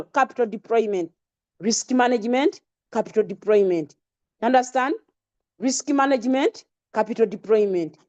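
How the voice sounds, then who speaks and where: A woman's voice: sits high, darkish tone, muffled recording. A woman with a Ugandan accent teaching a live online lesson on trading settings, repeating key terms again and again and putting questions to her audience. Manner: repetitive, drilling key terms. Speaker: trading instructor.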